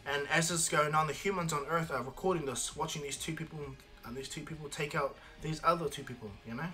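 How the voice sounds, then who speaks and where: A man's voice: fairly high pitch, fast talker, pushed and bright, soft background music. A man casually telling a homemade fan story, rambling with many restarts and fillers. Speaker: fan storyteller, channel host.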